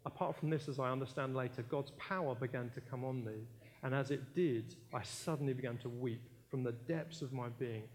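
A man's voice: mid-range voice, fairly quick. A British man preaching a sermon in a church, emphatic, repeating key phrases and telling anecdotes with jokey asides.

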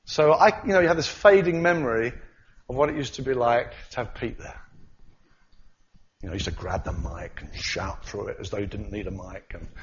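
A man preaching a sermon, animated, acting out the voices of the disciples as he talks. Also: medium pitch, normal speed, muffled recording, a little hiss or hum.

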